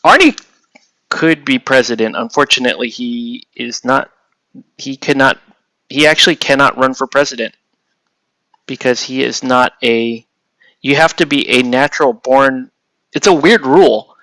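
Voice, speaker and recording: A man from the United States talks loosely to his live chat as he works, wandering between topics with the odd casual curse. His voice sits at an ordinary middle pitch. The sound is dry and close, with no room echo. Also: normal speed, bright, forceful tone. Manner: chatty, rambling, casually profane, answers chat as he works. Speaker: livestreamer painting miniatures.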